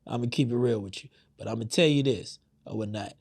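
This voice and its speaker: A man's voice: medium pitch, a little fast, vocal fry, a little mellow, breathy edge. A man hosting a podcast, giving heated, profane commentary with lots of fillers. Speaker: podcast host. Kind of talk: casual opinion commentary.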